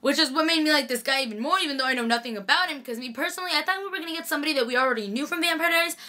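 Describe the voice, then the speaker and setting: A woman's voice: high voice, rapid-fire, sharp tone. A young woman chatting casually through a TV episode recap, gushing and full of "like". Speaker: TV recap vlogger.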